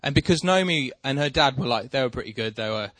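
A man's voice: medium pitch, fast talker, no echo. A man telling a rambling, self-deprecating story in casual chat with a co-host. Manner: rambling, self-deprecating, animated when excited.

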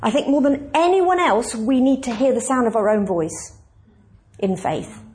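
A woman's voice: a little high, lively intonation, normal speed, darkish tone, a little hiss or hum. A woman pastor preaching a conversational, emphatic sermon and asking the congregation questions.

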